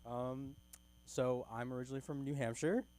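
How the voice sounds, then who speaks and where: A young man from California works through a rambling stand-up set at an open mic. He keeps breaking into giggles at his own jokes. His voice sits at an ordinary middle pitch, heard through a stage mic in a small club. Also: fairly even intonation, normal speed, heavy background noise. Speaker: stand-up comedian.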